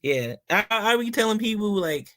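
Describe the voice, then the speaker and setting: A man's voice: high voice, moderate pace, no echo. A man from Philadelphia with a Philly accent tinged with Southern, telling stories with lots of swearing on a casual podcast. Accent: Philadelphia with some Southern. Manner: animated storytelling, swears freely. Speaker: podcast host. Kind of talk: casual chat.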